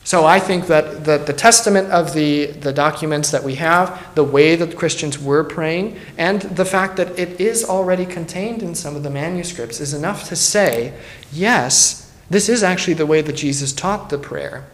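A man's voice: on the high side, normal speed. A man, a pastor, teaching a Bible study in an earnest, emphatic way and thinking aloud as he goes. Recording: roomy echo.

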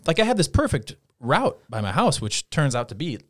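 A man's voice: on the high side, a little fast, dry recording, clean studio sound. A man in his thirties chatting casually, telling stories and acting out quoted lines with energy. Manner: animated storyteller, acts out quoted lines. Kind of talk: casual chat.

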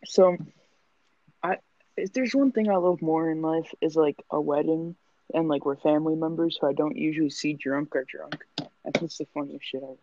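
A man's voice: on the high side, fairly even intonation, normal speed, mellow. A young man telling stories in a casual, profane, joking chat. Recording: dull lo-fi sound.

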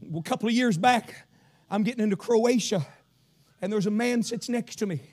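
A man from Kentucky with a Southern accent, preaching a revival sermon, swinging from shouted sing-song preaching to low storytelling. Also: moderate pace.

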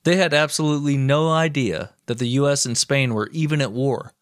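A man co-hosting a podcast, reading a history story aloud with wry, deadpan asides. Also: medium pitch, brisk, dry recording, studio quality. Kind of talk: reading history narration with jokes.

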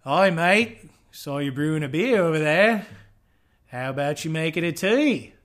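A man putting on a rough mock-Australian accent to play a brash, pushy Australian bloke. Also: fairly high pitch, expressive, measured pace. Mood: cheeky. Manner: loud, cheeky, crude.

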